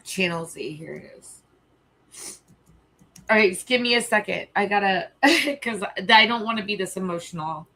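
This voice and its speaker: A woman's voice: mid-range voice, lively intonation, rough recording. Choked-up woman chatting on a live stream. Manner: emotional, pausing to collect herself, soft trailing asides. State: choked up, on the verge of tears. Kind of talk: casual live-stream chat.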